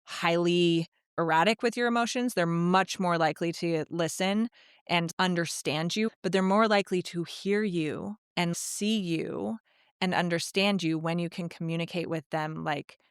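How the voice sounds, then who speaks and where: A woman's voice: on the low side, normal speed, clean tone, dry recording, clean studio sound. A woman speaking as a guest in a casual podcast conversation, explaining ideas in an earnest, coaching way.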